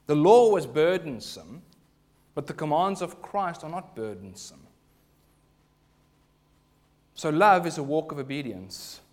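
A male pastor delivering a sermon in a church, earnest and at times forcefully emphatic. His voice sits a little higher than most men's. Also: lively intonation, unhurried, long pauses. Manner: earnest preaching, rising to emphatic bursts.

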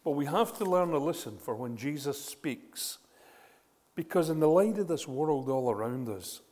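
A man preaching a sermon, retelling scripture with animated storytelling and frequent rhetorical questions. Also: on the high side, moderate pace, big-room sound.

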